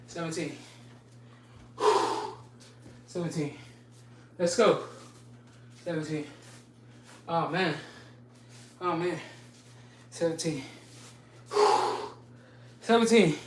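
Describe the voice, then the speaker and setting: A woman's voice: fairly low pitch, lively intonation, drawn-out words, long pauses, heavy background noise. Winded woman counting push-ups. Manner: counts reps aloud and banters in slangy trash talk. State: winded between push-up sets, sighing. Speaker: fitness streamer. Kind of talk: casual live workout talk. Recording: echoey room, far from the mic.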